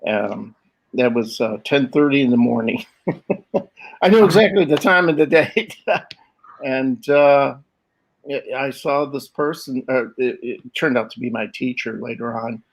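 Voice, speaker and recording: Older man, interview guest, animated storyteller, acts out voices, laughs often. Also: medium pitch, unhurried, poor audio. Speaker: guest artist.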